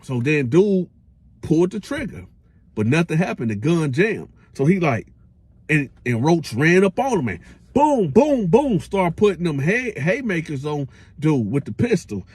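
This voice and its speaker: A man hosting a casual storytime, telling a prison tale in animated slang with his own sound effects. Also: fairly high pitch, normal speed, slightly rough, dry recording. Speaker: storyteller host.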